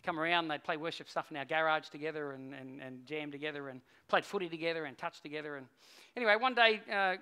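A middle-aged man, preaching a sermon as a pastor and telling a story, swinging between hushed and loud. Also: a little high, fast talker, hardly any pauses, clean tone.

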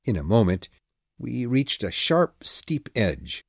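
A man narrating an audiobook in a dramatic, measured storytelling manner. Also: medium pitch, very animated, creaky, slightly rough, dry recording, clean studio sound. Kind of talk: scripted narration.

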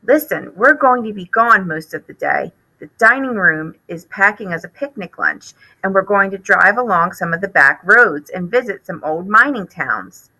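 A woman doing a hushed friendly boy. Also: medium pitch, expressive, moderate pace, hardly any pauses, low-quality recording. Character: friendly young boy guest.

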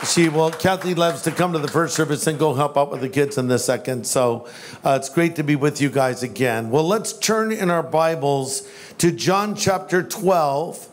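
A man's voice: fairly high pitch, moderate pace, some chatter behind. A man preaching a sermon as pastor, conversational and joking, slipping into voices. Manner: jokey, conversational, does voices.

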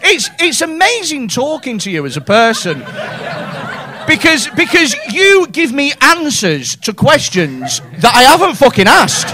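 Stand-up comic, man, high lively voice, sweary and excitable crowd work. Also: measured pace, background noise. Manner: sweary, excitable, laughing at own jokes. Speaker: stand-up comedian. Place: comedy club stage.

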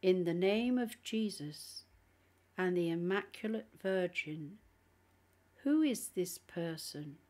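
A woman reading aloud and voicing a male exorcist priest who speaks softly and firmly. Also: lowish voice, animated, takes it slowly. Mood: hushed firm.

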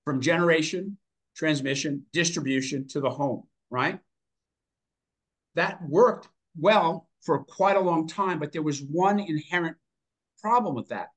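A man on a panel, talking emphatically with rhetorical asides and growing enthusiasm. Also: fairly high pitch. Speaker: panel guest, finance expert.

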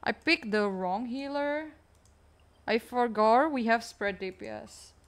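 A woman game streamer chats casually with her teammates, her voice fairly high. She talks low and weak, as if saving her energy, and takes her time between words. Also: animated, slow, clear, resonant tone. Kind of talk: casual live-stream chat while gaming.

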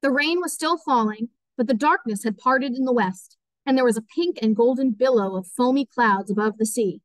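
Woman teacher narrating an audiobook; steady, clear, higher voice, dry close sound. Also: normal speed, no echo, low-quality recording.

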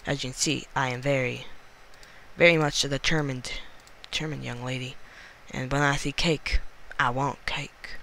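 A man's voice: mid-range voice, creaky, bright, forceful tone, a little hiss or hum. A man hosting a gaming channel, giving playful, jokey let's-play commentary into a desk mic and exclaiming often.

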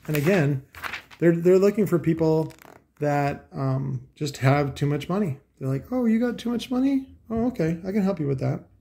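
Gravelly, dark-voiced man ranting casually. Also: medium pitch. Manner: profane, sarcastic, full of asides. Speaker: host. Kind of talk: casual rambling commentary.

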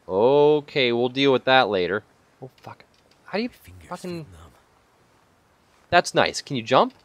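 A man playing a survival video game and talking through it in casual commentary, chatty and profane, with sudden excited yelps. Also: mid-range voice, moderate pace, no room sound. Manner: chatty, swears a lot, bursts into excited yelps. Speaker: gaming channel host. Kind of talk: let's play commentary.

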